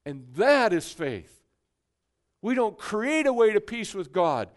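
Preacher, male, high-pitched and emphatic, hushed one moment and forceful the next. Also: very animated, slow pace. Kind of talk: sermon.

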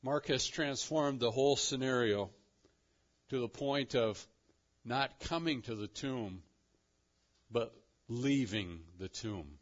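A man preaching a sermon emphatically, asking his listeners rhetorical questions and swinging between loud and quiet. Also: medium pitch, slow. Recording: dull lo-fi recording.

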